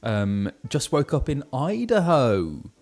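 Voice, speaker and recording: Slow, chatty man streaming from his kitchen. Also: mid-range voice, very animated, a little mellow. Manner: chatty, friendly, reads out viewer messages, frequent ums. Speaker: livestreamer and voice actor. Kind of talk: casual livestream chat, greeting viewers. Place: his kitchen at home, indoors. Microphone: streaming setup with ring light.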